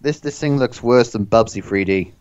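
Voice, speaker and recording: A man's voice: mid-range voice, moderate pace, a little mellow, clean tone. Sarcastic man on a dull lo-fi mic. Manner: sarcastic, joking, swears often. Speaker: guest co-host. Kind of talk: casual movie riff commentary.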